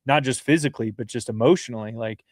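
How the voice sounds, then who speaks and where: A man co-hosting a sports podcast, talking through basketball analysis in an earnest, fast-flowing way with frequent restarts. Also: medium pitch, no room sound, clean studio sound. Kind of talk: casual sports talk.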